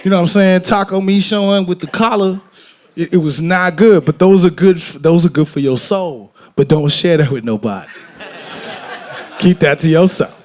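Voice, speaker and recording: A man from Detroit talking candidly on a festival stage, telling animated, profane, joking stories and acting out voices. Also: sits high, moderate pace. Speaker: guest musician on stage. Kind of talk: candid onstage conversation. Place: festival main stage before an audience.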